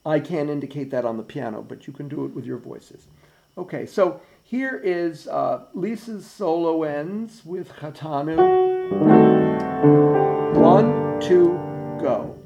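A man directing a choir practice, explaining phrasing slowly and carefully and counting beats aloud. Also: on the high side, expressive, vocal fry, darkish tone, poor audio. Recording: piano heard behind the voice. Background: piano.

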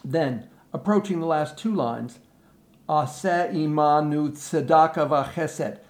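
A man leading a choir rehearsal from a recording, explaining breathing and diction slowly and singing short phrases to show them. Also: mid-range voice, gravelly, darkish tone. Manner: slow, deliberate, breaks off to sing the phrases. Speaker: choir director. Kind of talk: spoken choir rehearsal instructions with sung demonstrations.

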